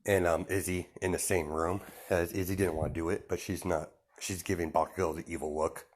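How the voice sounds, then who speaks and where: A man's voice: sits low, steady tone, brisk. A man improvising a fan story aloud, rambling with many fillers and self-corrections.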